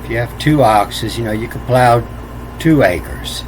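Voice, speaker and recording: A man explaining ancient letters off the cuff, halting and repeating words, spelling out letters one at a time. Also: medium pitch, a little hiss or hum. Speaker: self-taught lecturer.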